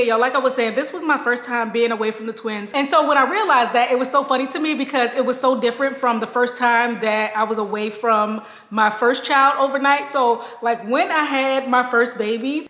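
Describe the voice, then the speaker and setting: A woman's voice: fairly high pitch, fairly bright tone. A woman talking casually to her viewers as a lifestyle vlogger, calling them "y'all" and laughing often as she chats from home. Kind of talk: casual chat to camera. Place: at home, moved from outdoors to indoors. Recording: echoey room.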